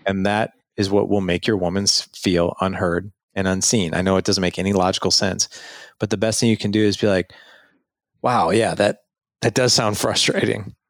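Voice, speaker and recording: A middle-aged man, a podcast guest, earnestly coaches men on marriage in a casual advice conversation, animatedly acting out little scenes with quoted lines. His voice is low and fairly quick. The sound is clean studio quality with no room sound.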